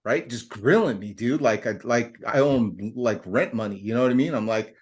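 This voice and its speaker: A middle-aged man with a medium-pitched voice hosts a podcast in a relaxed, casual manner. At a normal speed, he spins a long, meandering story full of fillers, restarts and slang. He stays lively and talkative the whole way through.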